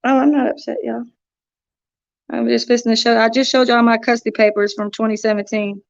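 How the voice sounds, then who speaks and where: A woman's voice: fairly high pitch, flat delivery, brisk, vocal fry, no room sound, highs cut off. A woman hosting a casual livestream, distracted, talking to viewers while working her phone. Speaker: livestream host.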